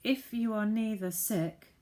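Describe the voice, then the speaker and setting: A woman reading the part of a smooth, menacing prince who stays courteous while he threatens. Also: mid-range voice, slow pace, darkish tone, voice pushed up, lightly acted. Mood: silkily threatening. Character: smooth menacing adult male prince, falsely polite.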